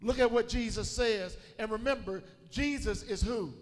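A man pastor preaching a sermon in a church, leading call-and-response and building to shouts. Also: sits high, moderate pace. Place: church sanctuary. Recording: long hall reverb.

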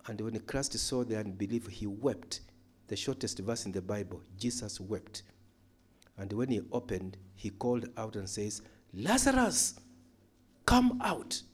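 A man teaching a Bible study in a church hall, emphatic, moving between loud calls and quiet asides. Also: lowish voice, steady tone, normal speed. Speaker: pastor.

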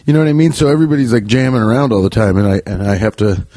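A man's voice: fairly low pitch, animated, rapid-fire, warm tone, no room sound. A man hosting a podcast, chatting in a loose, joking way that keeps interrupting itself. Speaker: podcast host and comedian. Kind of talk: casual rambling podcast monologue. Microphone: podcast microphone.

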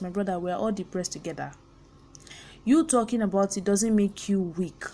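A woman's voice: mid-range voice, warm tone, slight background noise. A young Nigerian woman hosting a personal podcast, speaking candidly and earnestly and slipping in pidgin phrases. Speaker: podcast host.

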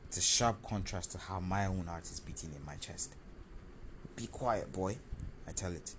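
A man telling a first-person story in an animated, confessional, self-mocking way. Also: deep voice, brisk, noisy background.

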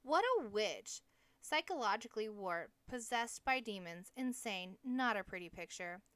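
A woman's voice: mid-range voice, lively intonation, measured pace, a bit bright, clean tone, no echo. A woman voicing a blustering, cowardly male lion who talks airily and dramatically. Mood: scornful. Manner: dramatic, airy.

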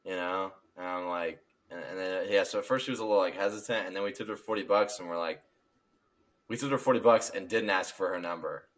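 A man's voice: low-pitched, brisk, fairly bright tone. A young man co-hosting a podcast, telling stories in a rambling, casual way and laughing often. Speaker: podcast co-host. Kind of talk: casual chat, storytelling.

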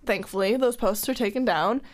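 A woman's voice: medium pitch, brisk. Candid woman chatting on a podcast. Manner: candid, frequent "like" fillers. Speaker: podcast host. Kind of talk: casual podcast chat. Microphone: podcast microphone.

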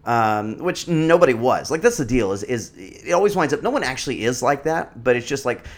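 A man's voice: mid-range voice, animated, brisk. A man in his thirties telling a personal story in a casual, rambling way, full of fillers and restarts. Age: 30s.

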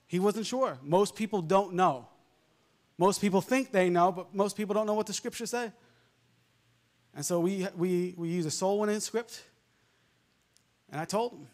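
A male preacher with a softened New York accent, delivering a fervent sermon full of amens and hallelujahs. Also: high voice, moderate pace, long pauses. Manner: fervent, peppered with amens and laughs.

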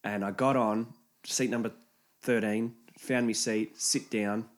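A man's voice: on the low side, steady tone, unhurried. A man with an Australian accent co-hosting a casual podcast, telling stories full of slang and swearing. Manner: profane, storytelling, slangy. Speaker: podcast co-host. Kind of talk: casual chat.

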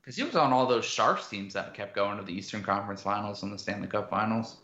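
A man with a fairly low, sharp voice talks fast as he co-hosts a casual sports podcast, rambling through his analysis with plenty of fillers. The recording sounds roomy, dull and lo-fi.

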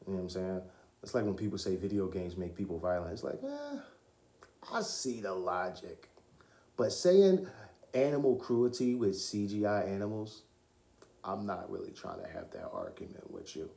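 A man's voice: deep voice, very animated, moderate pace, creaky, warm tone. A young man hosting his own podcast, talking loosely and profanely about films, laughing often. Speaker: podcast host. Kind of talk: casual solo podcast talk. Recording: roomy echo.

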